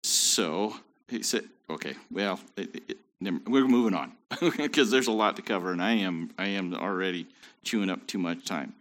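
A man's voice: low voice, moderate pace, a bit bright. A man teaching a Bible study in a conversational way, with joking asides.

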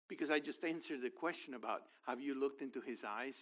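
A man preaching a sermon, animated, acting out scenes and questioning his congregation. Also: medium pitch, a little fast, few pauses. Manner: animated, acts out biblical figures, talks to congregation. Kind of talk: sermon, Bible teaching.

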